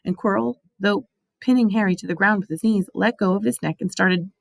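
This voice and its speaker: A woman reading a storybook aloud with expressive, dramatic delivery. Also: mid-range voice, fairly quick, gravelly, dry recording. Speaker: audiobook reader.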